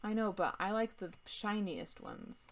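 A woman's voice: mid-range voice, a little slow. A young woman hosting a card-opening vlog, chatting casually in a jokey, self-deprecating way. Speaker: YouTube host opening trading card packs. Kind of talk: casual chat.

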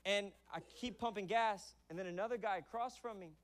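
A man with a fairly high voice delivers a lively sermon as pastor. He talks in loose, folksy language and slips into stories, and he rises to loud, forceful shouts. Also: brisk. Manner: energetic storytelling preaching, sometimes shouting; casual, folksy wording.

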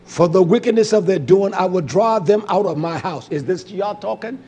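A man preaching a sermon with passion, his delivery swinging from hushed, low phrases to shouted outbursts. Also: moderate pace, slightly rough.

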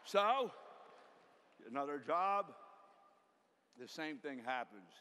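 A man giving a folksy, emphatic motivational speech from a stage, firing off rhetorical questions and sometimes shouting. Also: on the high side, animated, slow. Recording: reverberant hall, faint background noise.

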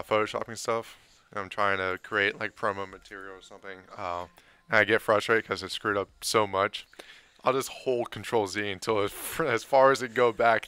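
A man co-hosting a casual stream, reading chat aloud and talking in a relaxed, hesitant way with many fillers. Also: fairly low pitch, normal speed, smooth.

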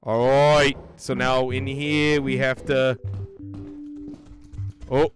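A man playing a video game with friends in a loud put-on Australian accent, swearing and reacting excitedly. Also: medium pitch, drawn-out words, soft background music. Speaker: gamer streaming with friends. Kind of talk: casual game chat.

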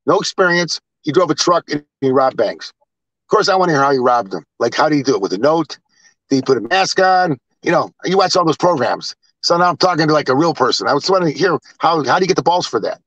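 A man's voice: a little high, animated, quick pace, a bit bright, no room sound, lo-fi sound. An older man telling blunt, rambling stories with swearing. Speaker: storyteller. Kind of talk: casual storytelling.

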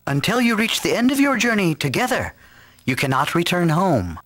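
A woman's voice: on the low side, big pitch swings, normal speed. A woman voicing a stern, scolding, centuries-old boyish wizard priest in a game cutscene.

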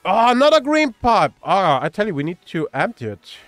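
A man with a German accent giving casual, excitable commentary on a mobile game while reading chat aloud. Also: high voice, moderate pace, dry recording, soft background music. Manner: excitable, cheers at pulls and reads chat aloud.

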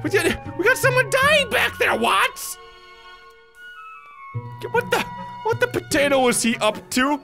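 A man putting on a high, squealing voice for an excitable young female scientist in a game, read aloud. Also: a little slow, creaky, pauses often, faint music behind, heavily acted. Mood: flustered.

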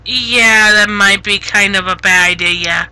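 A woman chats with her live-stream viewers through a headset mic, giggly and a little flustered, gently telling chat off when it gets rude. Her voice is very bright, and she talks slowly. The sound is close and dry. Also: mid-range voice, clean tone, no echo, poor audio. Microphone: gaming headset.

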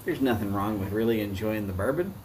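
A man's voice: lowish voice, lively intonation, a little fast, darkish tone. Southern guy rambling about cigars on a home stream, folksy, bit of background noise. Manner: folksy, chatty, greets viewers by name. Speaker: cigar reviewer, live stream host. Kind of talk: casual live-stream talk.

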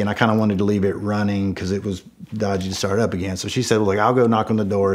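A middle-aged man telling a personal story in a casual, rambling way, full of fillers and restarts. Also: lowish voice. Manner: rambling, many fillers and restarts, shouts quoted lines loudly. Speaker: storyteller guest.

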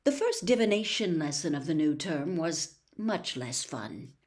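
Woman, audiobook narration, storybook, measured, expressive, lowish voice. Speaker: audiobook reader.

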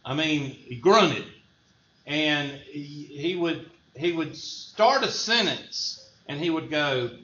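A man's voice: a little high, expressive, slow, sharp tone. Folksy man teaching a math class. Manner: folksy, joking, drawling. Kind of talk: classroom lecture. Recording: echoey room, dull lo-fi sound, faint noise.

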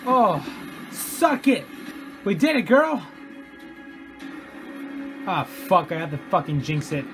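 A man giving excitable let's play commentary, swearing often and cheering over the game. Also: high voice, takes it slowly, faint music behind. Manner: excitable, swears a lot, shouts and laughs. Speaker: gamer.

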